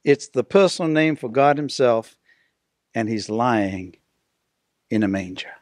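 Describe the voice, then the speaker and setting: An older man preaching a sermon as pastor, stretching out key words and dropping to a hush at the ends of phrases. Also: mid-range voice, lively intonation, a little slow, no room sound, studio quality.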